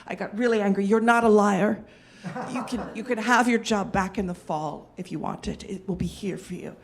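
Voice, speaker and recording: A woman's voice: mid-range voice, moderate pace, vocal fry, close to an everyday voice. A woman voicing a stern, short-tempered male bakery boss in his late fifties, with a faded British accent in her telling. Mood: hushed apologetic.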